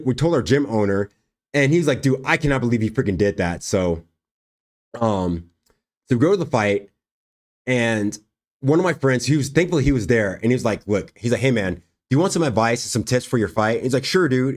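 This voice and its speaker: A man's voice: mid-range voice, brisk. A young man hosting a livestream, casually telling a story and acting out the dialogue with frequent laughs. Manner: animated, acts out quoted dialogue, laughs often. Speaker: livestream host and fighter.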